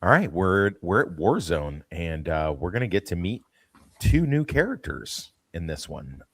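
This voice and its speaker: A man's voice: low-pitched, sing-song, a little slow, slightly rough, no echo, clean studio sound. A man hosting a casual podcast chat with a slight lisp, rambling and jokey, swearing casually. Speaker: podcast host.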